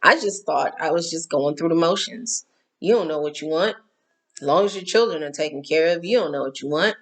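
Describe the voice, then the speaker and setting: A middle-aged woman hosts a casual spiritual talk, speaking candidly and emphatically, repeating herself and cursing now and then. Her voice is low-pitched and brisk.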